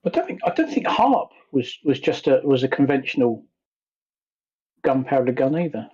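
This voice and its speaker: A man in a casual online debate, teasing the others in a dry, flat delivery. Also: mid-range voice, moderate pace, slightly rough, highs cut off. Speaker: debate panelist.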